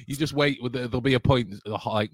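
A man's voice: mid-range voice, no room sound, studio quality. A man hosting a casual podcast chat, stumbling and repeating his words and laughing often. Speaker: podcast host.

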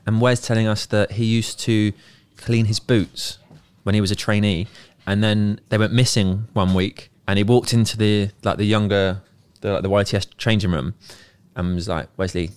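A man hosting a football podcast, telling anecdotes in a quick, jokey way. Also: on the low side, fairly even intonation, a little mellow, smooth, no echo. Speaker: podcast host. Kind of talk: casual podcast chat.

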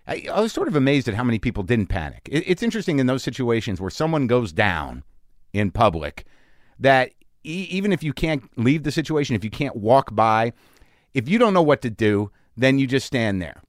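Man telling an animated story. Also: mid-range voice, moderate pace, no room sound, clean studio sound. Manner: animated, acts out the people in his stories. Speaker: podcast host. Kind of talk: casual storytelling monologue. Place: home garage studio.

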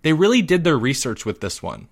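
A man voicing a boy who explains things quietly and matter-of-factly. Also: a little high, big pitch swings, brisk, pitched above the performer's own voice.

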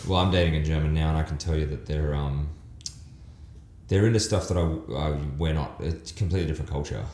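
A man's voice: rumbling low, fast, darkish tone, roomy sound. An Australian man hosting a podcast, teasing and joking and laughing easily in casual chat. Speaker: podcast host.

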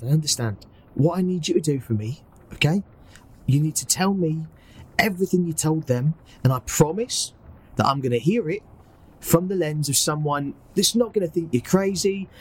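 A man's voice: on the high side, lively intonation, normal speed, husky, pitched above the performer's own voice. A man voicing an oozy creature posing as an inspector, in a put-on Cockney accent. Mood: reassuring. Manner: soothing, earnest. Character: ooze creature faking a Cockney inspector, reassuring.

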